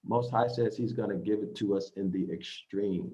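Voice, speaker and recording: A man's voice: lowish voice, normal speed, dark tone. A man teaching scripture who reads verses aloud, explains them, and keeps checking in with "okay?" and "right?". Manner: repeats points, asks "okay?" and "right?". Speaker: Bible teacher. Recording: slightly dull lo-fi audio.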